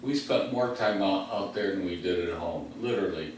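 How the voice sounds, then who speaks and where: A low-voiced man from Chicago's west side speaks at a normal speed, hosting a comedy podcast from his recliner at home. He tells rambling street stories full of fillers and chuckles to himself as he goes. The recording is very echoey, with the mic placed at a distance and a faint hum underneath.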